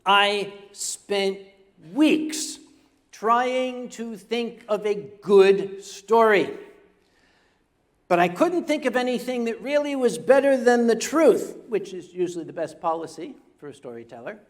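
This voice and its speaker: This older man, whose voice sits notably high, tells an amusing story slowly and expressively from a convention stage. He fumbles his phrasing, repeats lines, and keeps stopping to banter with the audience.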